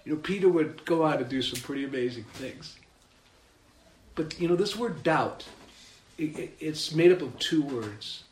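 A man preaching a sermon, animated and emphatic, acting out the story as he tells it. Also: on the high side, normal speed, echoey room, a little hiss or hum. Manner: animated, acts out the scene with rising emphasis.

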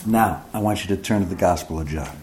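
A man preaching a sermon, reading scripture aloud and explaining it, his voice climbing higher as he presses his points. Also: brisk, a little mellow, echoey room, slight background noise. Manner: reads scripture aloud then comments, rising in pitch as he grows emphatic.

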